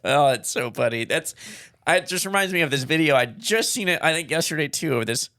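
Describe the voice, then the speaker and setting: A man co-hosting a casual podcast, easygoing, chuckling and trading quick agreeing replies. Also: fairly high pitch, animated, bright, forceful tone, dry recording, studio quality. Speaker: podcast co-host. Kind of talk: casual chat.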